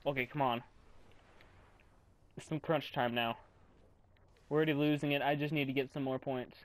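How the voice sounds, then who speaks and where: A young man giving casual commentary while playing a video game, swearing and yelling in frustration. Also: mid-range voice, steady tone, normal speed. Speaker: gamer commentator.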